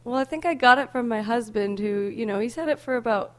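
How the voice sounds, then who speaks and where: A woman's voice: on the high side, quick pace. Easygoing woman guest with a cold. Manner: easygoing, laughs often. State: has a cold. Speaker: guest, music editor and band member. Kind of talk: casual interview.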